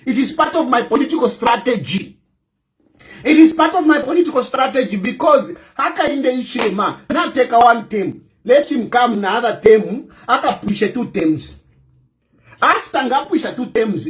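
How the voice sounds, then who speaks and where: A Zambian man, a politician, delivering a combative, mocking political rant and repeating his lines defiantly. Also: very high-pitched. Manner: defiant, repetitive, mocking, bursts of shouting.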